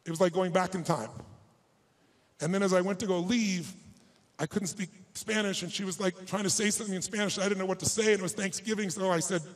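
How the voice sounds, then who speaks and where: A man's voice: high voice, steady tone, fairly quick. A middle-aged man giving a live motivational talk, telling a personal story with emotion and urging his audience on. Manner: emotional storytelling, emphatic and exhorting. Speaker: motivational speaker.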